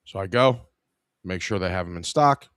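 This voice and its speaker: A man's voice: deep voice, animated, moderate pace, fairly bright tone, smooth, dry recording, clean studio sound. A man in his forties hosting a live podcast, telling a casual work story in an irreverent, wry way. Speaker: podcast host.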